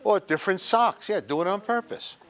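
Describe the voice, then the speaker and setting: A man's voice: high voice, brisk, fairly bright tone. A man giving a humorous motivational talk to a group in a senior center room, acting out little scenes as he goes. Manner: joking, acts out little scenes and quotes. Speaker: workshop presenter.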